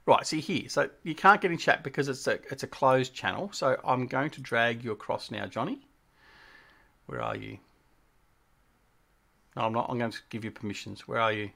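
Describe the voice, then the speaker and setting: A man's voice: mid-range voice, moderate pace, creaky, pauses often, pushed and bright. Chatty man hosting a gaming stream. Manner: chatty, teasing, thinking aloud while playing. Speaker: livestream host. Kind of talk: casual gaming livestream chat.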